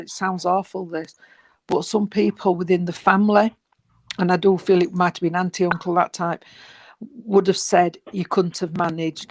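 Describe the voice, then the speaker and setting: A spiritualist medium giving a gentle, reassuring reading, rambling and repeating, with many fillers. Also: mid-range voice, dry recording, rough recording. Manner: gentle, reassuring, calls the sitter sweetheart and darling. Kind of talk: mediumship reading at an online service.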